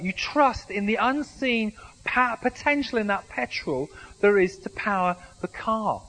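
A man's voice: sits high, normal speed, fairly bright tone, a little hiss or hum, poor audio. A man preaching a sermon in a conversational way, with humorous asides and frequent restarts. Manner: conversational, self-deprecating humour, frequent restarts. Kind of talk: sermon with anecdotes.

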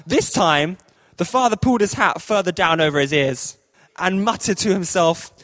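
A man's voice: high-pitched, normal speed, fairly bright tone, no room sound. A man telling a children's story in church, playful with jokey asides. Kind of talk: lively read-aloud storytelling.

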